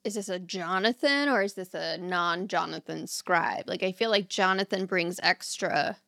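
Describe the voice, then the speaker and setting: A woman co-hosting a podcast, playful and quick to laugh. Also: on the low side, vocal fry, fairly bright tone, no room sound, clean studio sound. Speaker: podcast co-host. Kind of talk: casual chat.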